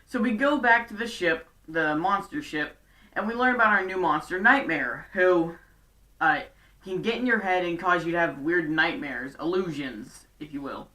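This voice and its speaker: A woman recapping a TV episode in a chatty, sarcastic way. Her voice is bright and forceful. She sits some distance from the mic. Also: fairly low pitch, lively intonation, moderate pace. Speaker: show recap vlogger.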